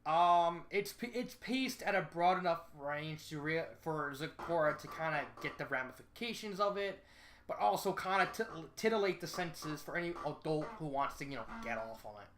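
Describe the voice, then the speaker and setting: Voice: mid-range voice, expressive, moderate pace, a bit bright, slight background noise. A fan fiction reviewer talking through a casual spoken review, rambling and correcting themself, hammering points home by repeating them. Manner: rambling, frequent self-corrections.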